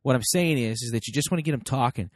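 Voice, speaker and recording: A man's voice: medium pitch, fast, no echo, clean studio sound. An American man hosting a parenting podcast, giving an emphatic motivational talk to his listeners and acting out both sides of little everyday dialogues. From United States.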